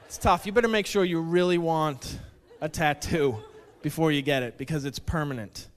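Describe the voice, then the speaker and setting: A man doing a stand-up comedy set on a club stage, deadpan and self-deprecating, slipping into mock quotes. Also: a little high, moderate pace, clean tone. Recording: club stage with long reverb, faint noise.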